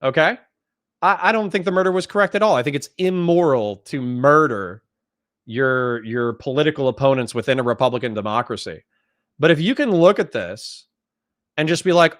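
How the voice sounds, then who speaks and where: A man's voice: a little high, very animated, a bit bright, dry recording, clean studio sound. A man hosting a political stream, ranting angrily and swearing as he argues with callers. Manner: angry, profane, rapid ranting. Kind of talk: heated political debate.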